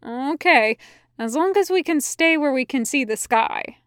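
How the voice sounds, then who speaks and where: A woman voicing a male demon who speaks slowly and hesitantly, puzzled and wary. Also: high-pitched, expressive, fairly bright tone, dry recording, studio quality, voice pushed up. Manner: slow and hesitant.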